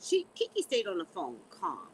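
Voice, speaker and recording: A woman's voice: mid-range voice, slight background noise, poor audio. A woman chatting to her channel in a blunt, sassy way, leaning on "you know" between thoughts. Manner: animated, drawn-out, repeats "you know". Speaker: vlogger. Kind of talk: casual chat to camera.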